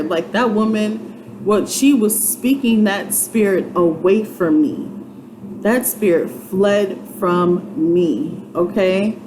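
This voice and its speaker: A woman giving a casual, heartfelt testimony, chatty and earnest, often repeating herself and using many fillers. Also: medium pitch. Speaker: vlogger sharing a personal testimony. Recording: clear background noise.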